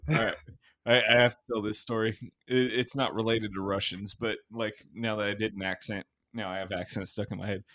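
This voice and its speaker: A young man hosting a podcast, telling crude stories in casual, animated chat and swearing often. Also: fairly low pitch, a little fast. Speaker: podcast host.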